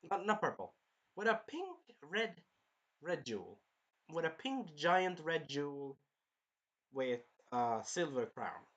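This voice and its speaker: A man's voice: fairly high pitch, big pitch swings, slow, long pauses, a bit bright, dull audio. A man giving a casual, rambling, jokey recap of an anime episode as a reviewer.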